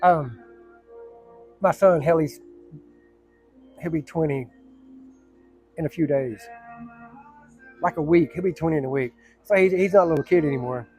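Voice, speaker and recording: Middle-aged man with a somewhat high voice, talks bluntly and rambles through a story. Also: normal speed, pauses often, darkish tone, muffled recording, soft background music. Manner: blunt, profane, rambling with many restarts. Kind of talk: casual personal storytelling to camera.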